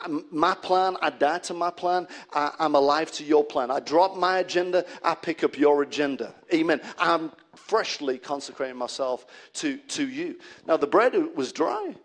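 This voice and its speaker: A male pastor preaching a sermon, emphatic and conversational, punctuating his points with frequent amens. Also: a little high.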